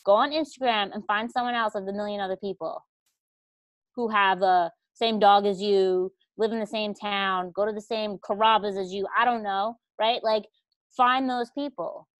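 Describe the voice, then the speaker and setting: A woman's voice: medium pitch, fairly even intonation, normal speed, no room sound. A woman talking as a guest coach in a casual chat, blunt and slangy, swearing freely and laughing at herself.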